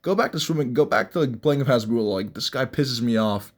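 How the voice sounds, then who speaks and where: This MMA vlogger's mid-range voice is animated and a little quick. The young man rambles through fight commentary in a casual rant, mocking and blunt, and keeps starting over mid-thought.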